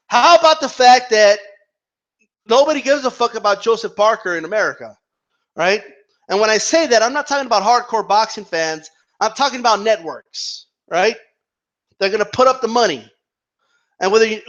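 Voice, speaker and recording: A man's voice: high voice, fairly bright tone. A man giving heated, profane boxing commentary, arguing with imagined fans and stumbling over repeated words. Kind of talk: ranting vlog commentary. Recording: dull lo-fi sound.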